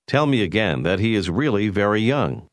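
A man narrating a language course in a clear, measured way, prompting the learner with phrases to say. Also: on the low side, very animated, no room sound, studio quality. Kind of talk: scripted instructional narration.

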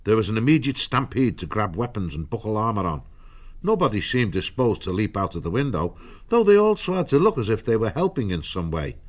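A man reading an audiobook in a measured storytelling manner. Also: fairly low pitch, sing-song, dull audio. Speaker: narrator. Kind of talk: audiobook narration.

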